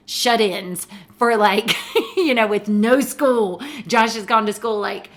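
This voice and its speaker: A woman's voice: mid-range voice, takes it slowly. A middle-aged woman with a Southern drawl, co-hosting a podcast in casual, rambling chat full of "like" fillers. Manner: chatty, rambling, many "like" fillers. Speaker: podcast co-host.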